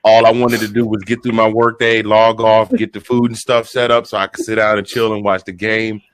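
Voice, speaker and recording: A man in his fifties, a guest short on sleep, telling an excited sports story with many restarts. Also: on the low side, brisk, clear, resonant tone, no echo. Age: 50s. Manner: animated storyteller, stumbling restarts.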